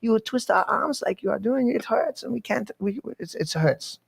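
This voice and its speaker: A man's voice: high voice, animated, normal speed, gravelly, a little hiss or hum, pitched above the performer's own voice, heavily acted. A man putting on a mock voice as a whimpering, pleading European trade official. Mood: whiny pleading.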